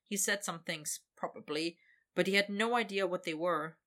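Woman narrator, fairly low pitch but bright tone, steady intimate storytelling for an adult audio story. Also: moderate pace.

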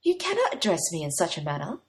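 A woman's voice: lowish voice, wildly swooping pitch, fast. A woman reading as a haughty young prince. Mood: imperious. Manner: commanding, imperious.

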